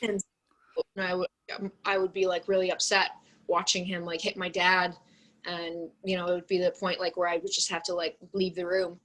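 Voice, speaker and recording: Bright-voiced young woman chatting casually. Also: on the low side, flat delivery, moderate pace, rough recording. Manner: rambling, heavy use of "like" and "um". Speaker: interview guest. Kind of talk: casual chat.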